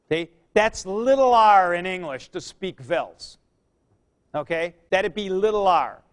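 A man's voice: sits high, animated, takes it slowly, clear, resonant tone. A man lecturing a class on Greek verbs, drilling forms aloud and stressing key points. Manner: drills verb forms aloud, emphatic asides. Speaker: Greek teacher.

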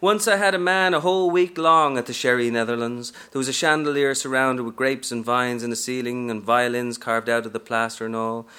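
A man's voice: medium pitch, fairly even intonation, brisk, few pauses, pushed and bright, clear, resonant tone, natural voice. A man reading aloud from a novel, narrating as a brash, streetwise aging woman hustler in a sassy first-person style.

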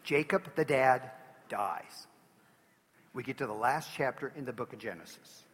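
Husky-voiced pastor preaching in a hall. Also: male voice, mid-range voice, a little slow, fairly bright tone. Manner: earnest, emphatic preaching with pleading rises. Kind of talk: sermon.

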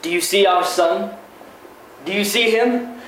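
Guy reading a soft old monk elder, super slow and loving, echoey far-off sound. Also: high-pitched, a little hiss or hum. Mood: tender. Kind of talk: dramatic reading. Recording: echoey room, mic far off.

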